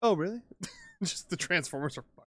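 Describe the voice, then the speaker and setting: A man's voice: sits high, sing-song, moderate pace, a bit bright, no echo, clean studio sound. A man co-hosting a casual podcast chat, joking and stumbling as he reads aloud. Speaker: podcast co-host.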